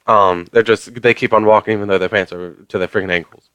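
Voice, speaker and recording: A vlogger rants casually to camera, rambling with lots of fillers and some mild swearing. His fairly low voice is fast, fairly bright and clean, with fairly even intonation, in a dry recording.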